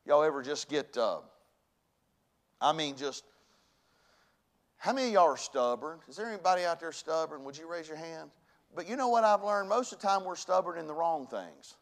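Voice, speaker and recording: A man preaching a sermon to his church, folksy and conversational, dropping to hushed lines and rising to loud bursts. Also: on the high side, animated, normal speed, pauses often. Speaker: pastor. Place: church sanctuary.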